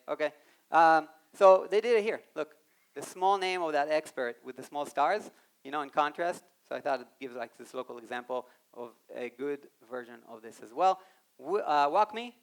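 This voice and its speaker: A man giving an animated live talk on a conference stage, speaking straight to the audience and acting out quoted voices. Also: fairly high pitch, moderate pace, smooth. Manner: animated, addresses the audience directly.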